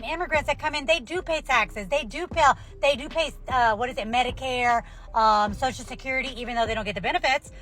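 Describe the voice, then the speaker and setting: A woman from the United States vents in a heated social media rant. Her voice sits high and she swears freely, sounding exasperated and throwing in "okay?" again and again. Soft music plays behind her. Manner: profane, exasperated, repeats "okay?".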